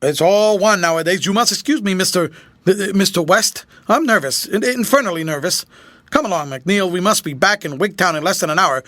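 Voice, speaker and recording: A man's voice: sits high, expressive, fairly quick, fairly bright tone, no room sound, clean studio sound. A man voicing a nervous elderly general who gasps, stammers and quivers. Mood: flustered. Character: jittery elderly male general, terrified.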